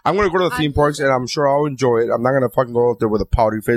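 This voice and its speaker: A man co-hosting a casual chat, telling a profane, animated story and acting out quotes. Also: mid-range voice, rapid-fire. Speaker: podcast co-host.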